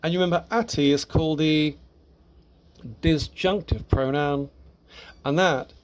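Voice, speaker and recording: Slow, patient man teaching grammar. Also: fairly high pitch. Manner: patient, explanatory, with occasional small laughs. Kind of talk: recorded language lesson.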